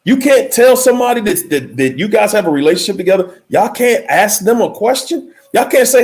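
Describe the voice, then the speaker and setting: A man hosting a motivational livestream, talking emphatically and straight to his viewers, swinging between high exclaims and low murmurs. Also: sing-song, a little fast, hardly any pauses, a little mellow. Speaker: livestream host.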